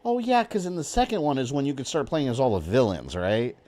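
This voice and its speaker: A man's voice: medium pitch, big pitch swings, brisk, mellow. A man from Florida chatting casually and rambling while streaming a video game, with the odd swear word. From Florida, USA. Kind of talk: casual gaming livestream chat.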